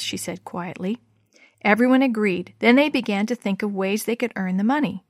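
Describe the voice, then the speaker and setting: A woman reading a Christmas story aloud in a gentle, measured storytelling manner. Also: medium pitch, no room sound, studio quality. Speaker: story reader.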